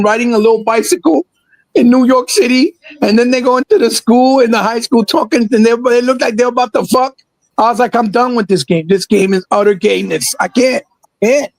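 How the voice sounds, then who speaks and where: A man's voice: extremely high pitch, no echo, poor audio. A man co-hosting a casual gaming chat, ranting and swearing in exasperation. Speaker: podcast co-host.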